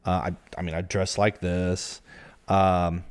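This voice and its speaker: Deep, clear and resonant, this man's voice keeps a level tone and takes its time. He's a podcast co-host from the American Midwest, casually and frankly chatting about his dating life with a touch of self-deprecation.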